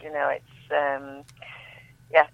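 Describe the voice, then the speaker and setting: A woman on the phone reading her poems aloud with measured, emphatic delivery. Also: low-pitched, monotone, gravelly, dry recording. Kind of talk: poetry reading over the phone. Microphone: telephone. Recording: tinny dry phone line.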